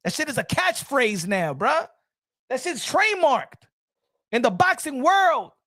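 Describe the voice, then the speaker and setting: Very high-voiced man ranting heatedly. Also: sing-song, unhurried, sharp tone. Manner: heated, repetitive, profane ranting. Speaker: boxing commentary host. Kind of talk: casual ranting commentary.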